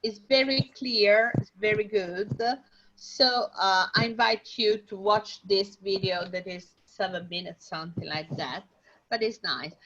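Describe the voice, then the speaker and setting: A woman teaching an English class online, talking slowly with many pauses and fillers. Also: medium pitch, a bit bright. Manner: slow, hesitant, many fillers. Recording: dull lo-fi audio.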